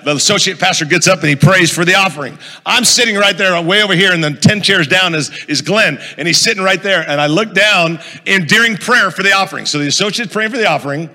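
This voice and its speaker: A man's voice: high-pitched, bright, forceful tone, long reverb tail. A male pastor preaching a sermon, telling a funny story and quizzing the audience as he goes. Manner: storytelling, asks the audience questions, jokey.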